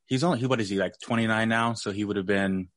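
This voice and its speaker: A man co-hosting a podcast in casual chat, animated, often mock-quoting people in a put-on voice. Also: on the low side, fast. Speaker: podcast co-host.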